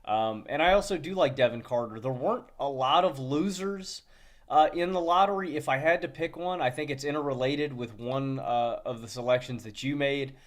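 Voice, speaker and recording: A man co-hosting a podcast, chatting casually in a relaxed way with frequent filler sounds. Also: medium pitch, moderate pace. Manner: relaxed, many "uh" fillers and restarts, chuckles. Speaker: podcast co-host. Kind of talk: casual chat.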